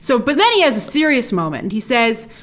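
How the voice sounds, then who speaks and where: A woman hosting a show, giving a casual, excited, chatty breakdown and review of an episode, often quoting characters in little voices. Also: a little high, fast talker. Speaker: show host.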